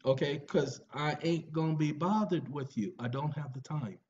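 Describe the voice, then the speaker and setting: A man's voice: fairly high pitch, moderate pace, a little mellow. A tired man hosting a video, talking in a rambling, joking monologue. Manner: rambling, joking, drawling, breaks into song. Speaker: video host. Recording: dull lo-fi recording with faint music.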